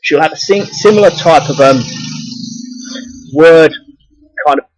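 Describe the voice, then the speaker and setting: A man's voice: a little high, measured pace, a little hiss or hum, rough recording. A man with a southeast English accent delivering a rambling, profane ranting monologue for his video blog, full of repeated restarts. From southeast England. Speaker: video blogger.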